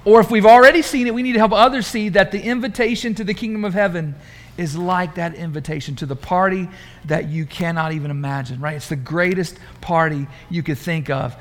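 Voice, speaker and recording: Male preacher, high voice, chatty and animated, quizzing his congregation. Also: a little fast. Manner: conversational, animated, asks the congregation questions. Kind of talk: sermon. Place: church room.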